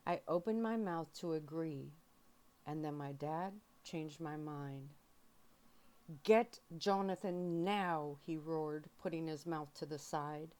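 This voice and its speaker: A woman reads a novel aloud in a soft-spoken ASMR style. Her voice sits low and moves slowly, carrying quiet emotion through the first-person story. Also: fairly even intonation. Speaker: audiobook reader.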